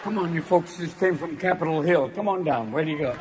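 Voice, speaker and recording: A man doing stand-up comedy on a theater stage into a handheld mic, manic and shouting, jumping between quick character voices. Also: a little high, noisy background. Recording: big hall, loud crowd laughing.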